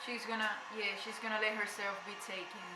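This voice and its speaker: A young woman reacting to a TV episode, excitably talking back at the screen and addressing her viewers. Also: mid-range voice, fairly quick, reverberant, over music. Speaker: reaction vlogger. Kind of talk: casual reaction commentary.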